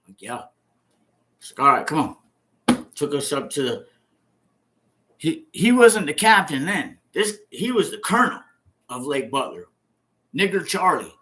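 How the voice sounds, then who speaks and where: This man in his fifties, a former inmate, shares his story casually with a fairly high, sing-song voice and a fairly bright tone. He talks at a moderate pace with frequent pauses, swearing, repeating himself, and acting scenes out with sound effects.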